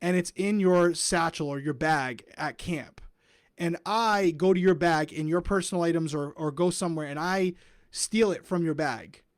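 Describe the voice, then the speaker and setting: A man's voice: fairly high pitch, normal speed, no room sound, studio quality. A man co-hosting a casual recap chat, thinking aloud and often hedging with "I think". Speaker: podcast co-host.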